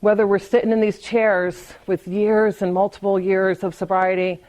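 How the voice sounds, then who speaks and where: A woman's voice: mid-range voice, level tone, moderate pace, a little mellow, low-quality recording. A woman speaks frankly at a recovery meeting in a loose, conversational way. She restarts her sentences and repeats words as she goes. Light laughs come between her thoughts. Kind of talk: personal recovery talk at a meeting.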